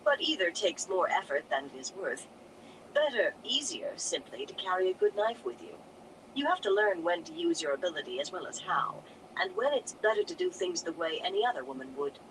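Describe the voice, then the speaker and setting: A reader voicing a brisk, commanding older woman. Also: mid-range voice, big pitch swings, background noise, lightly acted. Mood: lecturing. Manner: cheerful yet stern.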